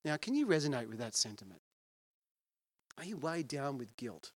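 A man's voice: mid-range voice, big pitch swings, moderate pace, no room sound. A male pastor preaching a sermon in an earnest, conversational way and putting questions to his listeners.

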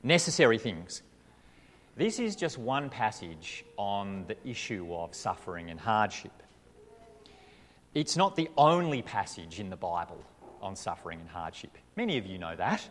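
A man's voice: on the low side, very animated, normal speed, a bit bright, slight background noise. A man preaching a sermon as a pastor, with emphatic delivery and frequent rhetorical questions. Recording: reverberant hall.

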